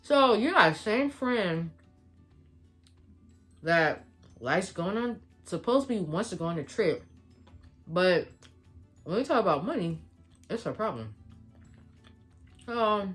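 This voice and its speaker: A woman's voice: medium pitch, animated, slow, pauses often, soft background music. A young woman vlogger retelling a story in a casual storytime, quoting the back-and-forth of a conversation.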